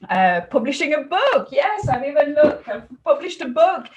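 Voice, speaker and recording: A middle-aged woman from France with a French accent, speaking as an interview guest in an earnest, animated way, often laughing between phrases. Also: high-pitched, moderate pace, lo-fi sound. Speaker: guest, customer experience consultant. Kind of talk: interview conversation.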